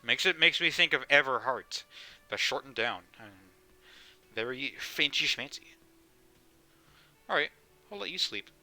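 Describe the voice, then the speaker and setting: Bright-voiced casual male streamer. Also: medium pitch, lively intonation, measured pace, pauses often, soft background music, rough recording. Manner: casual, amused, reads text aloud. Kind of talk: live game playthrough, reading aloud.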